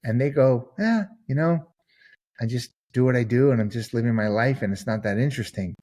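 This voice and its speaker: A man of average pitch speaks as a podcast guest, earnest and conversational. He tells long stories and slips into the voices of the people he describes. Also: fairly quick, a little mellow. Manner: earnest storyteller, acts out quoted people. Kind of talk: conversational interview answer.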